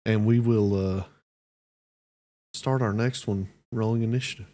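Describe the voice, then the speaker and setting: Game master, lower-pitched man, relaxed halting narration, tabletop game.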